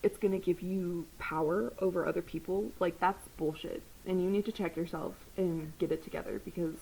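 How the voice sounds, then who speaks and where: A young woman speaking casually to her camera at home, her voice rising and falling as she tells a heated story. She talks fast and loose, full of fillers, and swears freely when she gets worked up. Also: lowish voice, fairly even intonation, gravelly, warm tone, breathy edge, low-quality recording. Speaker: vlogger. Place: home, dog barking nearby.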